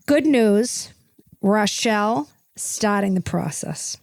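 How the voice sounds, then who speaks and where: A woman's voice: medium pitch, moderate pace, dry recording. Woman, podcast host, rambling gossipy comedy chat, dry close sound, keeps asking okay. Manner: rambling and gossipy, tacking "okay?" onto her points.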